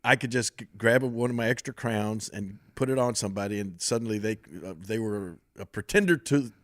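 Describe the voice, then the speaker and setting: A man's voice: fairly low pitch, brisk, a bit bright, dry recording, studio quality. An older man hosting a podcast, telling rambling stories with laughs and switching into voices for the people he quotes. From American South. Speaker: podcast host, former wrestler. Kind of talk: casual chat, storytelling.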